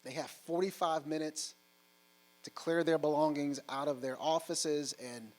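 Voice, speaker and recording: A man in his forties giving a humorous storytelling talk on stage, animated and acting out other people's voices. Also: on the high side, measured pace, low-quality recording. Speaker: keynote speaker. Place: on stage before a live audience.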